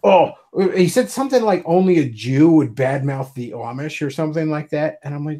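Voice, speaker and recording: American guy ranting on a livestream, swears a lot, sarcastic, voice a bit higher. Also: animated, moderate pace, warm tone. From United States. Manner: profane, heated, sarcastic. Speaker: livestream host. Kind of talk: ranting casual monologue.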